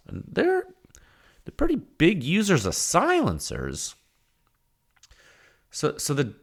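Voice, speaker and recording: A man hosting a podcast alone, rambling through a technical point in a loose, conversational way. His pitch rises and falls a lot as he talks, and he often trips over and repeats his words. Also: fairly bright tone. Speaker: podcast host. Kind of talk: solo podcast talk.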